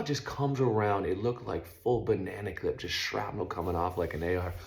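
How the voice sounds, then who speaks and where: Male vlogger, middle-aged, low voice, relaxed slangy storyteller who does noisy sound effects. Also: normal speed, vocal fry. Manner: animated, makes loud sound effects while telling; laid-back, uses slang like stoked and dope. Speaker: vlog host telling a story. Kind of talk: casual storytelling monologue.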